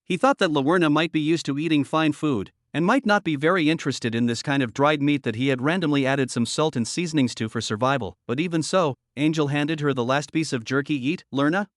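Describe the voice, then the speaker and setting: A man narrating a scripted comic recap with a steady, even delivery. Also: a little high, a little fast, hardly any pauses, no echo, studio quality.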